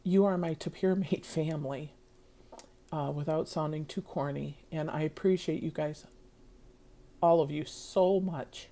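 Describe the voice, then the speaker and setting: A woman's voice: sits low, steady tone, measured pace, dark tone. A middle-aged woman talking to her viewers in a casual vlog, earnest and rambling, with many fillers. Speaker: vlogger.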